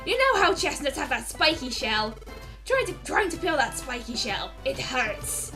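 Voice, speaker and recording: A woman voicing a gruff, pushy gang of monkey creatures in a game playthrough, with a gravelly put-on voice. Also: sits high, big pitch swings, a little slow, music in the background, heavily acted. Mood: demanding. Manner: pushy, demanding.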